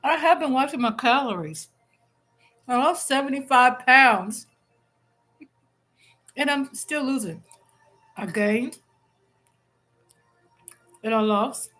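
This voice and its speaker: A woman chats candidly with her live audience from home, reading out viewer comments as she goes. She sounds relaxed and talkative. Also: sits high, slow pace, pauses often, faint music behind. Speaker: live-stream host. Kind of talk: casual live chat with viewers.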